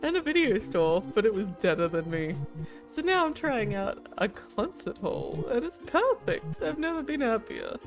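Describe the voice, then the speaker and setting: A woman's voice: fairly high pitch, very animated, moderate pace, over music. A woman voicing a bubbly, scatterbrained young female ghost in a game, chatty and easily distracted.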